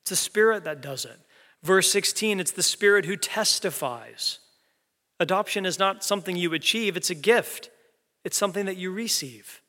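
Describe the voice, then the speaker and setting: A man preaching a sermon as pastor, earnest, building to emphatic peaks and then dropping soft and low. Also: moderate pace. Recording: long hall reverb.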